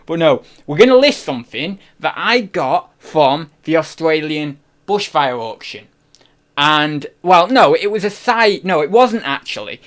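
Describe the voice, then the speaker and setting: Young guy streaming, talks into a desk mic, voice a bit high, jokey and rambling. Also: sing-song, unhurried, fairly bright tone. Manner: rambling, self-interrupting, jokey. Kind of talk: casual livestream chat. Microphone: desk microphone.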